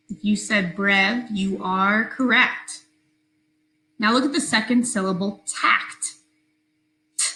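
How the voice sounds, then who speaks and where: A woman teacher giving a recorded phonics lesson to her class, speaking slowly, clearly and patiently. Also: medium pitch, bright, forceful tone, echoey room, rough recording.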